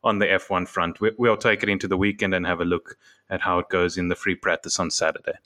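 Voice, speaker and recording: A man's voice: deep voice, flat delivery, fast talker, bright, forceful tone. Laughing man with a slight lisp. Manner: chuckles often while talking. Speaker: podcast co-host. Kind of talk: casual chat.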